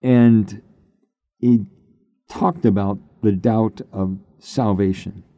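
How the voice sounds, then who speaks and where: An older man, a pastor, telling his personal testimony in an unhurried, halting way that turns emotional at times. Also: fairly low pitch, steady tone, dark tone, no room sound, studio quality. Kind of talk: personal testimony, conversational storytelling.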